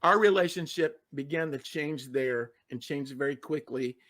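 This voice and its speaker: A middle-aged man with a fairly high voice, speaking as a guest on a podcast. He tells a personal story in an earnest, emotional way. He often doubles back and repeats his words for emphasis. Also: moderate pace, a bit bright. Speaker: guest, success coach.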